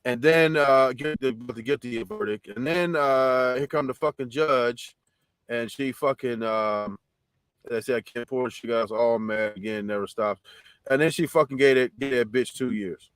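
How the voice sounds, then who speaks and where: A man's voice: medium pitch, moderate pace, fairly bright tone, clean tone, dry recording. Profane heated man ranting on stream. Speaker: livestream host reading chat. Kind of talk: casual livestream rant.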